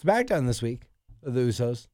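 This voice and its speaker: Male co-host, wildly animated intonation, wry and profane. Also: mid-range voice, normal speed. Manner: sarcastic, swears. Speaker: podcast co-host. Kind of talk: casual podcast chat.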